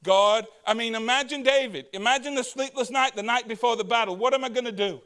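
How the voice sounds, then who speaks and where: This pastor has a very high voice with a fairly bright, clean tone as he delivers a conversational sermon. Rhetorical questions go out to the congregation, and he voices the Bible characters' lines quickly.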